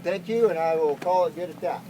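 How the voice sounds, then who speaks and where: A man with a slightly raised pitch and a drawl speaks as a rancher at an outdoor press conference. He talks in a folksy, earnest way and pushes his points emphatically. Faint outdoor noise sits under the voice. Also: a little fast. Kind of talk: outdoor press statement answering reporters.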